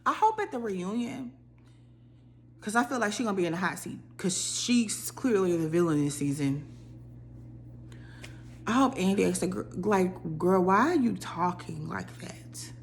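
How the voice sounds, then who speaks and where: A young woman holds forth on a reality series in a casual, opinionated rant. Her delivery is animated, and her voice leaps up sharply whenever she acts out what someone else said. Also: mid-range voice, normal speed, long pauses, a little hiss or hum. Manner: animated, opinionated, dramatic voice jumps when quoting people. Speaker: reality TV commentator.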